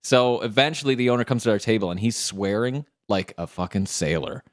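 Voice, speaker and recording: A man's voice: lowish voice, lively intonation, a little fast, no echo. Rambling male podcast storyteller, dry sound. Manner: rambling, fillers like "like", casual swearing. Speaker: podcast co-host. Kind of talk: casual storytelling.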